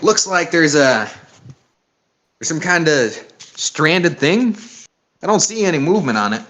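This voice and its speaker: A man voicing a female ship's lookout in a put-on Southern US accent, calling out in a slow drawl. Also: fairly high pitch, big pitch swings, a bit bright, voice pushed up. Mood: alert.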